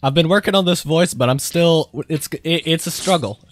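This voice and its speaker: A man's voice: on the high side, moderate pace, slight background noise. A young man hosting a casual podcast, rambling and self-deprecating as he trails off and restarts mid-thought. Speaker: podcast host and voice actor.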